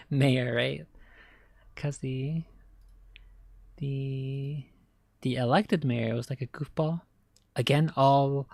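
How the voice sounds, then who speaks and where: A woman's voice: rumbling low, a little mellow, dry recording. A woman streamer chatting casually, rambling and giggly, while reacting on a close desk mic.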